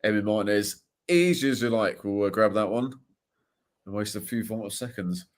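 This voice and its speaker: Low-voiced man calling a match. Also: normal speed. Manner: relaxed play-by-play with fillers. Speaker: co-host of a live watchalong. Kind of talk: live match commentary and casual chat.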